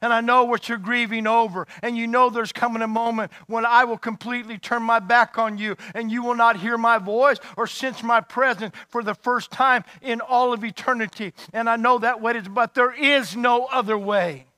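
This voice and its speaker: A man voicing a grieving heavenly father, speaking slowly in a hushed, sorrowful way. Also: very high-pitched, fairly even intonation, no room sound, clean studio sound.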